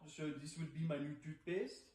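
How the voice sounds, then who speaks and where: A man's voice: fairly high pitch, normal speed, far from the mic. Hesitant French-accented man in echoey room. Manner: hesitant, full of filler sounds, deadpan. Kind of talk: comedic monologue. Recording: echoey room, away from mic.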